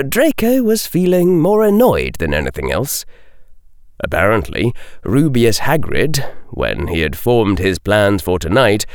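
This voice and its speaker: Low-voiced male narrator for audiobook, slow and measured, dry studio sound. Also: clear, resonant tone, dry recording. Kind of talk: audiobook reading.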